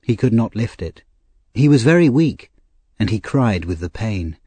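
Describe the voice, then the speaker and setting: A man narrating a classic novel as an audiobook with expressive storytelling. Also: lowish voice, measured pace, husky, no room sound.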